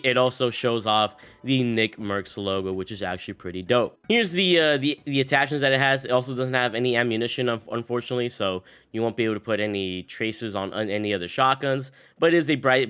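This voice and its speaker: A man's voice: mid-range voice, a bit bright. A young man with a sick voice, giving casual, upbeat gaming commentary as a channel host, rambling with fillers. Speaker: gaming YouTuber.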